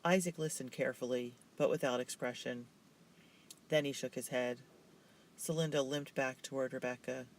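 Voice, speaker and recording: A man narrating a children's novel in a steady, measured way. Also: medium pitch, a little hiss or hum, rough recording. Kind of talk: reading a children's novel aloud.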